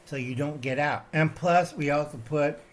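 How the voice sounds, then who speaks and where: At a normal speed and with a rather high voice, an older man rambles satirically on his own channel. He presents items to the camera while he talks, and "okay?" keeps appearing at the end of his lines.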